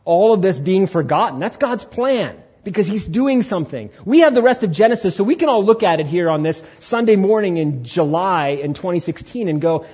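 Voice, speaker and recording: A man preaching a Sunday sermon as pastor, animated, acting out inner voices and asking the congregation questions. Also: high-pitched, brisk, hardly any pauses, husky, highs cut off. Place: church sanctuary.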